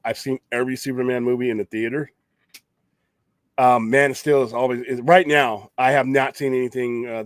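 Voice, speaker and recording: A mid-range male voice, recorded without echo, belongs to a podcast host fronting a late-night geek talk show. He rambles in a relaxed, strongly opinionated manner, restarting frequently and swearing at times.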